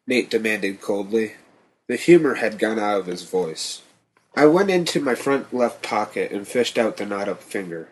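A man reading a first-person horror story in a tense, steady manner. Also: fairly low pitch, moderate pace, slight background noise. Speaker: narrator.

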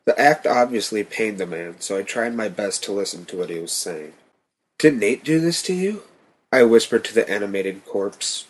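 Man, horror story narrator, husky voice, lower pitch, tense steady reading.

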